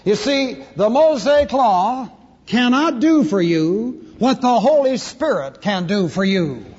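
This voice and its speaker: A man's voice: high voice, lively intonation, slow pace, a little mellow, husky. A pastor preaching an expository sermon, teaching the Bible through Greek word study. He talks emphatically, spells out Greek words letter by letter and slips in dry jokes. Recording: lo-fi recording in a reverberant hall.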